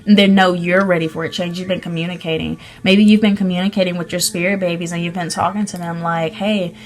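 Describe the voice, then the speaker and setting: A woman's voice: fairly low pitch, steady tone, quick pace. A woman giving a casual tarot reading, gushing and chatty, with many ums and restarts. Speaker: spirit baby medium giving a tarot reading.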